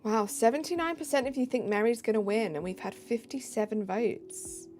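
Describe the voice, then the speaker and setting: A tired British woman chatting casually on a live stream, giggly, reading chat aloud and dropping into soft asides. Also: fairly high pitch, lively intonation, normal speed.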